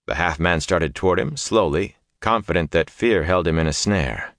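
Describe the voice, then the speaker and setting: Deep-voiced man narrating a fantasy audiobook. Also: fairly bright tone, dry recording, clean studio sound. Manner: measured, dramatic reading.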